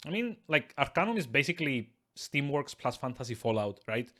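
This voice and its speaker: A man's voice: medium pitch, sing-song, fairly quick, a bit bright. Rambling, chuckling male game streamer. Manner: rambling, stammering restarts, chuckles often. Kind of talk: casual live-stream chat with viewers. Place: at his desk with two screens.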